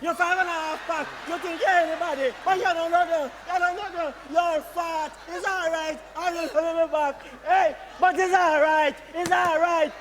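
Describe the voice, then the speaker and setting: An actor playing a jealous, blustering middle-aged Jamaican father in a stage comedy, stammering and shouting insults. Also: extremely high pitch, fairly even intonation, normal speed, few pauses, crowd noise, background noise. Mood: ranting.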